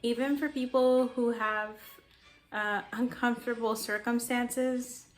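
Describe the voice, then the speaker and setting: A woman's voice: fairly high pitch, steady tone, slow pace, soft background music. A young woman artist chatting casually to camera in a rambling way, telling a personal story and drifting off topic. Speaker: artist vlogger.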